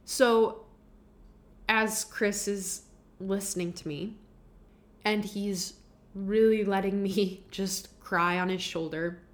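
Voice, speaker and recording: A woman's voice: medium pitch, fairly even intonation, slow, long pauses. A young adult woman hosting her own podcast, talking in a candid, confessional, rambling way with many fillers. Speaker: podcast host. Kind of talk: personal podcast monologue.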